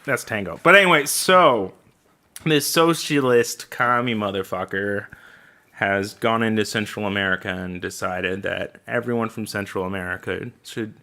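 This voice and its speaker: A man's voice: lowish voice, moderate pace, sharp tone. A man co-hosting a podcast in casual political chat, joking and laughing often. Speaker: podcast co-host.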